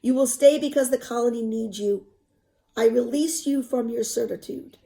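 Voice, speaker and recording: A woman reading the lines of a gravely wounded male colonial captain from a storybook, in a plain read-aloud delivery. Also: on the high side, normal speed, dark tone. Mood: solemn.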